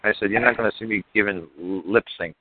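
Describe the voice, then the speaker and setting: This podcast guest from New York tells stories casually, talking fast in a low voice that's blunt and profane, with plenty of "you know." The recording is dry, and his voice sounds tinny, like it's coming over a phone line.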